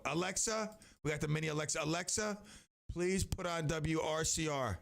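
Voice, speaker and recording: A middle-aged man hosts a local radio show, chatting casually, rambling and cutting himself off, and sometimes bursting into loud song. His voice is fairly high and gravelly, at a normal speed.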